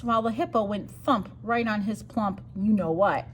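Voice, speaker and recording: A woman reading a rhyming picture book aloud for storytime, sing-song and expressive. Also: mid-range voice, moderate pace, a little hiss or hum. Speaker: storytime reader.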